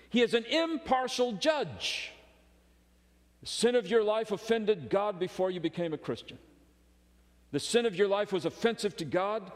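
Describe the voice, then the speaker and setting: A man preaching a sermon as pastor, emphatic, moving between loud urgency and hushed intensity. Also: high-pitched, big-room sound.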